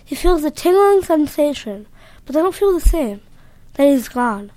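A woman reads a story aloud in a plain, earnest manner. Her voice is high, and the sound is dry and close with no room around it. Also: big pitch swings, moderate pace, mellow, no echo.

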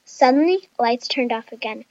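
Brief: high-pitched woman reading a story aloud, careful and measured, dull recording. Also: lively intonation, darkish tone, dry recording. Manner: reads lists of traits slowly and carefully.

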